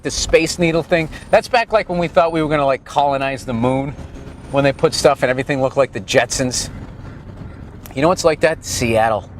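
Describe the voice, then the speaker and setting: A man's voice: mid-range voice, slight background noise. A man giving a comic street tour outdoors, rambling in a crude, sarcastic, ranting way. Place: outdoors on a town main street.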